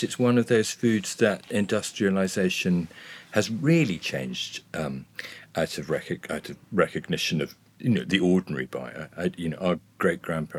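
A man's voice: low voice, a bit bright, husky. A man talking as a guest in a casual discussion, hesitant with many restarts. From Scotland.

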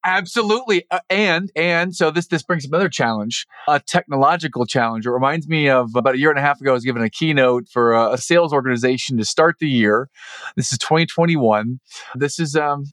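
Podcast host guy, calm earnest coaching talk, dry close sound. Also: medium pitch, no echo. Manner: measured, reflective, earnest advice-giving. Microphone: podcast microphone over the internet.

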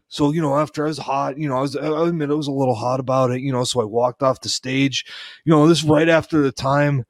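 A man's voice: medium pitch, no room sound, studio quality. A man telling long rambling comedic stories about his career, full of fillers and restarts. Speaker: former wrestling referee telling stories.

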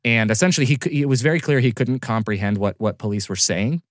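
A man's voice: medium pitch, fast, no echo, clean studio sound. A man co-hosting a casual podcast discussion, explaining hesitantly with many restarts. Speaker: podcast co-host.

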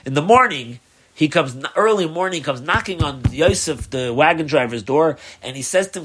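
Animated rabbi telling a story. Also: male voice, fairly high pitch, moderate pace, background noise. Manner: animated, acts out the dialogue; loose, with fillers. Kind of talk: storytelling lecture.

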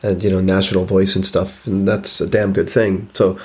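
A man's voice: deep voice, little pitch movement, moderate pace, slightly rough. A man hosting a casual film discussion, asking long, rambling questions and steering the talk. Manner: leads the chat, asks long rambling questions. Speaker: podcast host.

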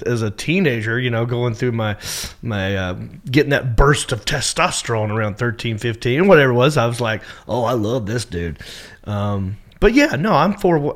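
A man from the American South chatting backstage after a comedy show. He talks in a loose, animated way, laughs often and acts out the shouts of a crowd. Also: medium pitch. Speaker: headlining comedian. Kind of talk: casual backstage chat.

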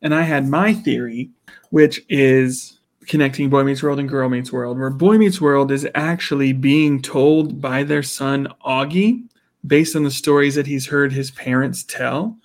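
A man's voice: mid-range voice, unhurried. A man co-hosting a casual podcast chat, laughing often and acting out quotes from the show. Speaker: podcast co-host.

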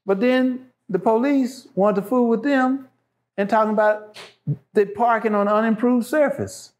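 A man's voice: very high-pitched, fairly even intonation, measured pace. A man, a show guest, talking passionately and emphatically, repeating phrases to drive his points home. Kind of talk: impassioned casual talk.

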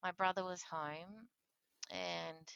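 A woman telling her own story in a candid, animated interview, often laughing and acting out what others said. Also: on the low side, slow pace, clean tone, no room sound, muffled recording. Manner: animated, acts out quoted voices, laughs often. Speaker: interview guest sharing her transplant story.

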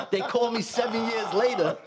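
Laughing, high-pitched New man. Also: heavy background noise. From Brooklyn, New York. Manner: loud, laughing, profane storytelling. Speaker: guest rapper. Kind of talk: casual podcast chat.

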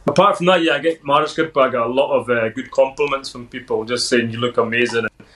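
A man's voice: medium pitch, quick pace, a bit bright, slight background noise, rough recording. A Scottish man in his thirties, a podcast guest telling upbeat anecdotes in a casual interview and laughing often. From Scotland.

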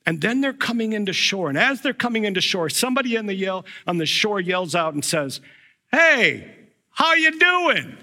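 Lively bright-voiced male pastor. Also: high voice, brisk, few pauses. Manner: animated, acts out voices in retold scenes. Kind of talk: storytelling sermon.

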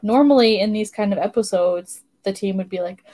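A woman's voice: mid-range voice, a little fast, few pauses, dark tone. A woman co-hosting a podcast, recapping a cartoon episode in casual chat with sarcastic asides and frequent laughter. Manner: giggly, sarcastic commentary. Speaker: podcast co-host.

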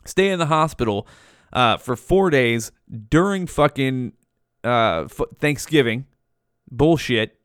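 A man's voice: mid-range voice, expressive, takes it slowly, fairly bright tone, smooth, no echo, clean studio sound. A man in his forties telling a story from his youth in a laid-back, casual way, swearing a lot and saying "dude" often.

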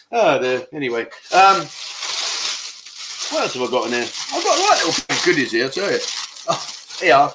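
A man's voice: on the high side, wildly swooping pitch, measured pace, long pauses, noisy background. A man hosting a casual livestream chat show, reading out viewer comments with lots of laughter and mock-grumbling banter.

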